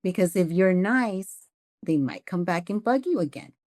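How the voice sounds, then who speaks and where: A woman's voice: fairly low pitch, lively intonation, normal speed, a little mellow. A middle-aged woman, a mother and interview guest, earnestly recounting events and quoting what people said. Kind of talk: casual interview chat.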